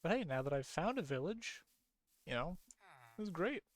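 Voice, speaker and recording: A sleepy streamer with a slightly high-pitched voice talks through his game in a loose, rambling way. He yawns between thoughts, circles back to repeat himself, and perks up easily at small discoveries. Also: big pitch swings, normal speed, slight background noise. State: sleepy, yawning. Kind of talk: casual gameplay commentary.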